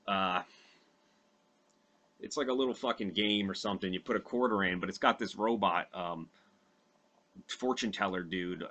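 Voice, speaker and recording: With a lowish, bright voice and a forceful tone, a young podcast host recounts a film's plot from memory. He rambles casually, swears freely, and leans on plenty of fillers.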